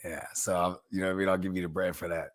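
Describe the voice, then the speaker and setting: A man's voice: sits low, flat delivery, rapid-fire. Hyped, profane male co-host. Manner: hyped, profane, street slang. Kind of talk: casual live-stream chat.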